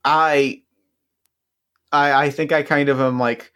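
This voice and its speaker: A man's voice: fairly high pitch, level tone, slow, long pauses, pushed and bright, clear, resonant tone. A man playing a tabletop game, describing his character's actions casually and with hesitations. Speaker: player.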